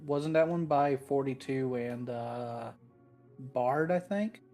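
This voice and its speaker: Halting woman podcast panelist. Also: rumbling low, dark tone, faint music behind. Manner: halting, repeating words as she starts. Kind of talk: casual chat.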